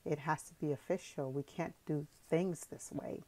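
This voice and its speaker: A woman's voice: deep voice, normal speed, low-quality recording. A woman voicing an emotional, talkative village mother in an audiobook. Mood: chattering. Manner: excited, chattering, rambling.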